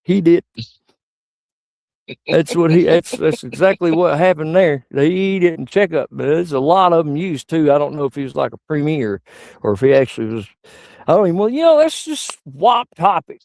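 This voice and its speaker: A middle-aged comedian with a gravelly, rough voice, spinning crude rambling stories. The sound is dry and close, with no room around him. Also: male voice, expressive, moderate pace, a little mellow, dry recording. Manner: crude, rambling anecdotes with sudden high-pitched outbursts. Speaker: stand-up comedian. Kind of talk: stand-up storytelling.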